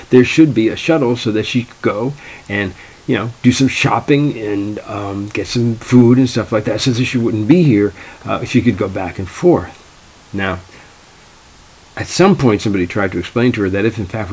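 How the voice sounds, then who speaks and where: A man's voice: fairly low pitch, a little mellow, husky, poor audio. A man, a tournament organizer, telling anecdotes in a wry, dry, exasperated way. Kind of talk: anecdotal storytelling.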